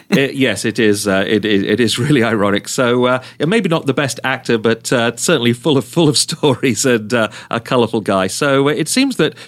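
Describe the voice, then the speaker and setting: A man's voice: medium pitch, moderate pace. A man hosting a podcast, telling anecdotes in a casual, chatty way and laughing as he goes. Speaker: podcast host. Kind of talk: casual chat, storytelling.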